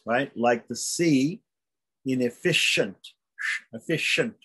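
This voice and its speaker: A man teaches beginners how to pronounce Sanskrit letters. His voice is husky and sits at a middle pitch, and he patiently says each sound several times over so learners can catch it. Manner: patient, repeats sounds slowly for demonstration. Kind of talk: beginner language lesson.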